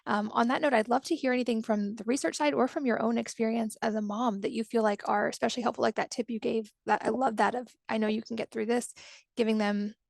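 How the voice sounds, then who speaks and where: A woman's voice: fairly high pitch, fairly even intonation, quick pace, vocal fry, darkish tone, dry recording, clean studio sound. A woman podcast host who asks long, affirming, rambling questions.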